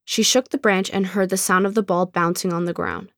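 A woman narrating an audiobook story in a calm, measured storytelling manner. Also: mid-range voice, dry recording, studio quality.

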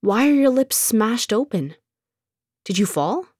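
A woman's voice: fairly high pitch, big pitch swings, a little slow, a little mellow, no room sound, clean studio sound, voice pushed up. A woman reading aloud and voicing a stubborn, demanding five-year-old girl in a storybook. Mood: curious. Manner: bossy, demanding, blunt. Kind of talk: audiobook character reading.

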